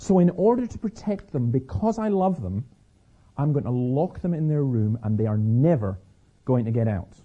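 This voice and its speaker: A man's voice: medium pitch, animated, moderate pace, muffled recording, close to an everyday voice. A Scottish man voicing an anxious, overprotective parent who earnestly lists fears for the children.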